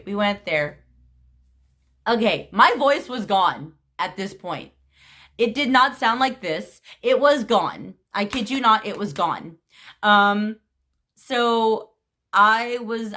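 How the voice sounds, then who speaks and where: Giggly bright-voiced young woman vlogger. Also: medium pitch. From United States. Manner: giggly, animated, gushing. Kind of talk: casual storytelling to camera.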